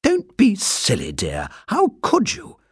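A man's voice: sits high, huge pitch swings, slow, slightly rough, no room sound, studio quality, voice pushed up, full character voice. A man doing a placid, dismissive mother. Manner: mildly dismissive. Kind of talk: storybook reading.

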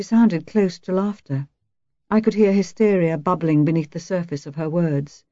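A woman reading a novel aloud in calm, measured first-person narration. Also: sits low, dry recording, highs cut off. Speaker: audiobook narrator.

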